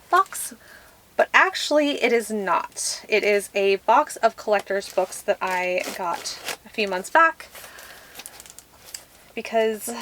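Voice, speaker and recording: A woman chatting casually as she unboxes books, full of excited fillers. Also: medium pitch, slight background noise, low-quality recording. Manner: gushing, lots of fillers like "like". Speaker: book vlogger.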